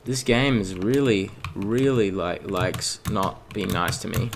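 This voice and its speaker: A young man commentating his own gameplay in a self-mocking, excitable way, at a home computer. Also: low voice, slow, vocal fry, noisy background. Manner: self-mocking, excitable, with sudden yelps and gasps. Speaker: let's play host. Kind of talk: gaming commentary. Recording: loud game music behind the voice. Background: loud game music.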